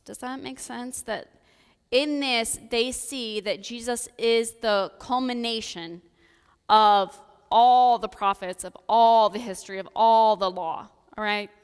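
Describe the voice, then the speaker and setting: A woman's voice: a little high, a little slow, clean tone. A woman with an American Midwestern accent giving a casual, chatty sermon from the pulpit, dropping playful asides. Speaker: preacher. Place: church sanctuary. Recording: reverberant church hall.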